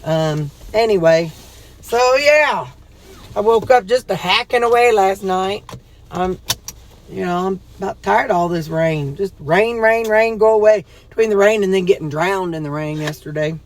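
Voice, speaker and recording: A woman's voice: medium pitch, moderate pace. A woman, a vlogger rambling in folksy casual chat to her viewers while outdoors. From Missouri, USA. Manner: rambling, folksy, chatty, talks straight to viewers.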